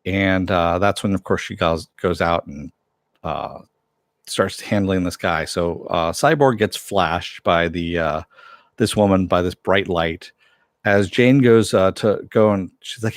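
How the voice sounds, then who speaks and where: A man talks through a TV episode in a loose, rambling way, full of fillers and backtracking. His voice sits a little low. The sound is dry and close. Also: measured pace, no room sound. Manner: rambling, many fillers and self-corrections. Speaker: TV show reviewer. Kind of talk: casual episode recap.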